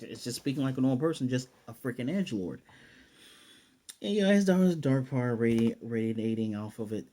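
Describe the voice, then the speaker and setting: A man with a mid-range, dark-toned voice recaps and reviews an anime episode in a casual, rambling way, often mocking what he describes. He's sarcastic and restarts his sentences as he rambles.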